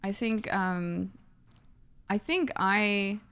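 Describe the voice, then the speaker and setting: A woman co-hosting a podcast in casual chat, talking in an animated, chatty way. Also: mid-range voice, very slow, clean tone. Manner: chatty, animated, trailing off into giggles. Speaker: podcast co-host.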